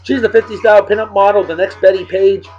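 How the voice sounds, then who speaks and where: A man's voice: high voice, fairly even intonation, fast talker, a little mellow. Jokey New man hyping friends. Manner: boisterous, jokey, slangy hype. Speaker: host. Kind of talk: casual video show shout-outs. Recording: dull lo-fi sound with faint music.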